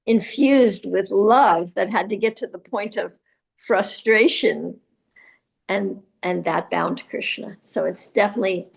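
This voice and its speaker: A woman giving a spiritual class in a temple, talking in a gentle, reflective way with pauses. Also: mid-range voice, gravelly. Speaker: class speaker.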